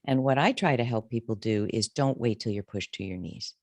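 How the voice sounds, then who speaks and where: A woman's voice: fairly quick, a little mellow, dry recording. A woman in her fifties, a career coach telling her story candidly and emotionally in an interview. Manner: candid, emotional, wide swings in pitch.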